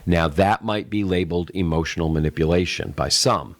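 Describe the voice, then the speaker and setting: A man's voice: low voice, fairly quick. A middle-aged man co-hosting a casual tech podcast, rambling as he explains with acted-out sales examples. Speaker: tech show co-host.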